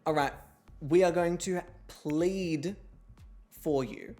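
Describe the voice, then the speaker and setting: Playing a life-sim game on her interactive stream, a young woman chats casually, swearing and laughing along. Her voice sits low and mellow, slow with long pauses, with faint music in the background.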